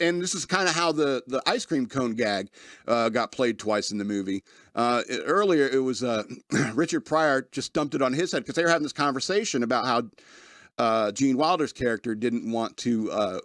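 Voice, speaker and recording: A man's voice: on the high side, no room sound, studio quality. A man hosting a podcast, casually reviewing a movie, rambling with lots of fillers and often laughing as he retells scenes.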